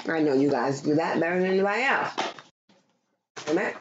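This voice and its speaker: A woman's voice: low-pitched, expressive, brisk, long pauses. Profane, playful woman reading tarot. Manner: loose, profane, playful, breaks into singing. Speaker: tarot reader. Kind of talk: casual livestream tarot reading. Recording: dull lo-fi sound with background noise.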